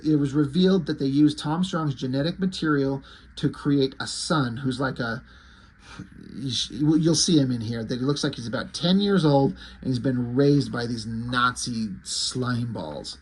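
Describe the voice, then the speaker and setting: Male comic reviewer, casual and rambling, husky voice. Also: a little high. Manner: rambling, hesitant, enthusiastic.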